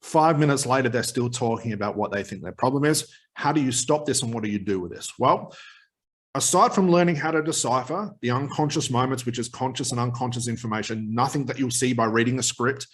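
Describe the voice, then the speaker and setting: A man teaching hypnotherapy technique straight to camera, energetic and emphatic, with quick asides. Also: mid-range voice. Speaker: hypnotherapy trainer. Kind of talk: direct-to-camera teaching talk.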